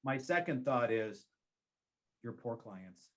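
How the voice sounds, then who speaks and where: A man's voice: mid-range voice, lively intonation, slow. A man who works as a real estate agent, giving advice in a conversational interview and repeating key phrases for emphasis.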